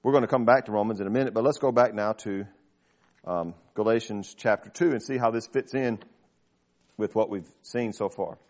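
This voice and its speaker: A man teaching a small Bible study class in a relaxed, conversational way, explaining verses plainly and checking in with his listeners. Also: fairly low pitch, moderate pace.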